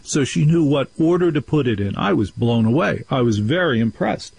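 Man, radio host, husky voice, animated storyteller, does the voices of people he quotes. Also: mid-range voice, normal speed, poor audio. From New Jersey. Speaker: radio talk show host. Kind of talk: talk radio monologue.

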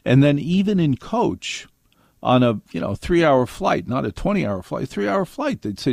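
A man's voice: a little high, big pitch swings, normal speed, gravelly, a little mellow, no room sound, clean studio sound. An older man hosting a radio show, telling wry stories to his listeners and acting out quotes along the way. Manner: wry storytelling with acted quotes. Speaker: radio host. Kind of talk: monologue to listeners.

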